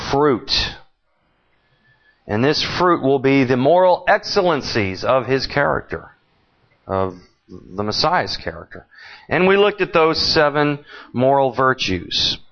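A man preaching a Bible teaching sermon, slow and deliberate, pausing often on "uh". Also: mid-range voice, lively intonation. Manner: slow and deliberate, with frequent uh pauses. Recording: dull lo-fi recording.

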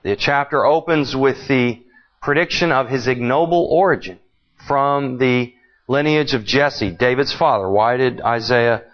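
Male preacher teaching scripture, unhurried and halting, dull old recording. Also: medium pitch. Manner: slow and deliberate, with frequent uh pauses. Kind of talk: Bible teaching sermon.

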